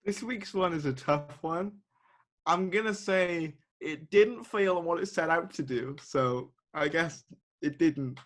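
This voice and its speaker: A man with a slightly high voice gives his verdict in a casual review chat, halting and reluctant. He pauses and restarts as he weighs it up.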